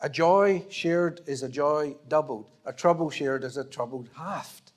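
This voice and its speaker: Unhurried and a little high-voiced, a Scottish pastor delivers his sermon in a church auditorium. He keeps it conversational, acting out small dialogues and poking fun at himself.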